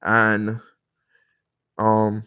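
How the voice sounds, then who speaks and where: A man's voice: lowish voice, monotone, extremely slow, pushed and bright, smooth, dry recording, dull audio. A man with a Jamaican accent, hosting a live stream and chatting casually with viewers, rambling into encouraging life advice. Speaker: livestream host.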